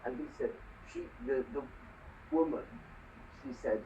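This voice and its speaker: In a muffled, distant recording with faint noise, a man living in Hong Kong earnestly tells a story during a casual chat. His mid-range voice moves fairly quickly, and he keeps adding "you know."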